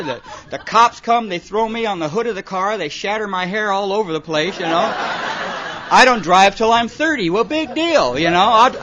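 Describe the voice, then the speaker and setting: High-voiced man telling funny recovery stories. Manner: animated, comic storytelling with lots of "you know" and "man". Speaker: AA speaker. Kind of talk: storytelling talk to a live audience. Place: meeting hall with a laughing audience. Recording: dull lo-fi live recording with audience.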